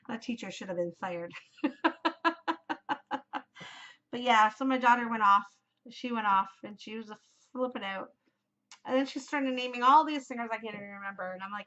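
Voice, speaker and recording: A woman in her forties chats away on her knitting podcast. She gushes and rambles with plenty of fillers, in a slightly high voice. The recording sounds dull and lo-fi. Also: moderate pace, pauses often, pushed and bright. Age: 40s. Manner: gushing, chatty, rambling with many fillers. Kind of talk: casual chat.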